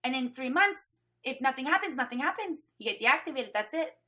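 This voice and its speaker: A woman's voice: high-pitched, animated, fairly quick, sharp tone. A Canadian woman hosting a casual online sales training over webcam, chatty and upbeat, reading names from the chat as she talks.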